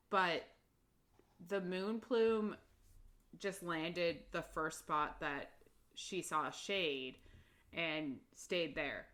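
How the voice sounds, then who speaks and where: Slow-talking low-voiced woman. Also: fairly bright tone. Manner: laughs often, chatty summarizing. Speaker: podcast co-host. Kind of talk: casual book recap chat.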